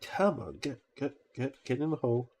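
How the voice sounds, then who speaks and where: A man's voice: medium pitch, lively intonation, moderate pace, a little mellow, slight background noise. Middle-aged aussie-born guy fixing consoles, mid voice, mumbles to himself n talks to the wires. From Australia. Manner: mutters to himself and coaxes parts while soldering. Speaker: console repair streamer. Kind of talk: casual talk while working.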